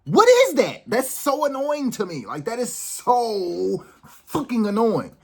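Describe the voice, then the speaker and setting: Male vlog host, husky and expressive, profane heated rant, lots of restarts. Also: very high voice, measured pace. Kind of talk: unscripted ranting vlog.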